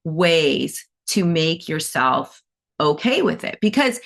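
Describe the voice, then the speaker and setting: A woman's voice: low-pitched, big pitch swings, slow, gravelly. A middle-aged woman teaching animal Reiki in a casual, chatty way, telling personal stories and acting out quoted voices. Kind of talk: casual talk to students.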